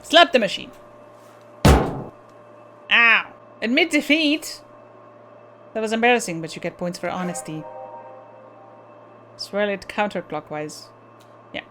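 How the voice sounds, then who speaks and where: A woman playing a video game, reading the on-screen text aloud and breaking off with blunt swearing and quick asides. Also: on the low side, background noise.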